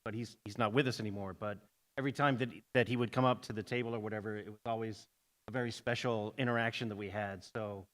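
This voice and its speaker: A man speaking earnestly as a panel guest, pausing often with fillers. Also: lowish voice, steady tone, a bit bright. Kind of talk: convention panel talk. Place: convention hall stage.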